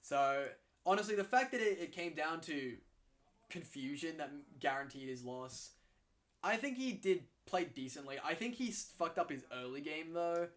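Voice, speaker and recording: Brief: male co-host, somewhat high voice, excitable, foul-mouthed, loose casual commentary. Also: moderate pace. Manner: excitable, swears freely, restarts often. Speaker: co-host commentating league matches.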